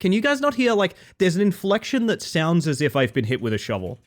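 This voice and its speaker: Slightly sick, lively young streamer man. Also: high voice, a little fast. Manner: playful, jokey banter, greeting viewers by name. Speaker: live streamer. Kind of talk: casual live-stream chat with viewers.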